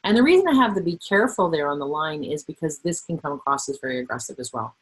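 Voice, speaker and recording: A middle-aged woman trainer presenting a workplace webinar, animated and acting out the voices she quotes. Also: low-pitched, quick pace, slightly rough, rough recording.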